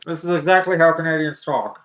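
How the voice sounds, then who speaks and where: A woman's voice: low-pitched, fairly even intonation, fairly quick, lo-fi sound. A woman bantering casually on a game stream, playful and teasing.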